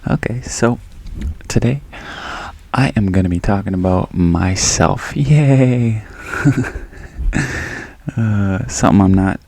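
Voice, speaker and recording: A man's voice: low-pitched, slow, pauses often, darkish tone, no room sound. A young man from the Midwest hosting a casual solo podcast, joking and laughing at himself and going off on tangents. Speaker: podcast host.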